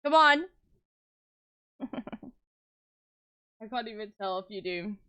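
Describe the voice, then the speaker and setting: A woman's voice: medium pitch, expressive, very slow, sharp tone, no echo, highs cut off. A young South African woman streaming live, chatting casually with her viewers in a blunt, sarcastic way and swearing often. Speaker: livestreamer.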